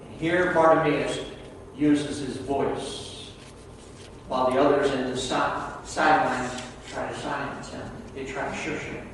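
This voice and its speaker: A male pastor preaching a sermon, moving between hushed and loud, emphatic delivery, recorded from far off in an echoey church hall. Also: medium pitch, steady tone, measured pace, noisy background.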